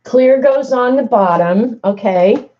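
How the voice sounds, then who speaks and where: A woman's voice: a little high, takes it slowly, lo-fi sound. A woman demonstrating a die-cutting and embossing machine to viewers, chatty and flustered as she thinks aloud. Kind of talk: casual craft demonstration to viewers.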